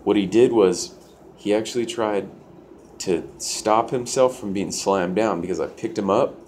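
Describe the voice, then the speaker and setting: Deep-voiced young man telling a story. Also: measured pace, a little mellow, a little hiss or hum. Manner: loose, profane, full of "like" fillers. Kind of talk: casual storytelling.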